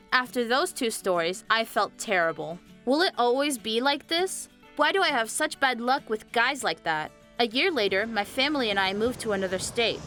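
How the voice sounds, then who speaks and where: A young woman narrating a scripted animated story, chatty and speaking straight to viewers. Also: a little high. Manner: chatty, addresses viewers directly. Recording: faint music behind the voice.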